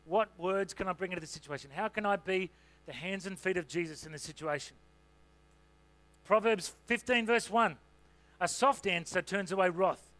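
A man's voice: high-pitched, a bit bright. A man preaching a sermon in a conversational, humorous way, with asides and fillers. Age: adult parent.

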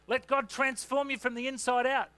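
A man who is a senior pastor, preaching a sermon in a relaxed, conversational way with lots of "you know" fillers. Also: extremely high pitch, moderate pace.

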